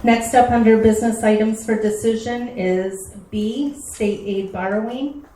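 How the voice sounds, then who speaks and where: A woman's voice: on the high side, fairly even intonation, measured pace, mellow, distant mic, a little hiss or hum. Woman chairing a meeting in an echoey room. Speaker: board president chairing the meeting. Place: school board meeting room.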